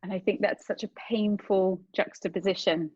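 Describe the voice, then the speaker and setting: A woman hosting a conversational interview, speaking in a halting, thoughtful way with frequent restarts. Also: medium pitch, fairly even intonation, a little mellow, slightly rough, no echo, muffled recording. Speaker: podcast host.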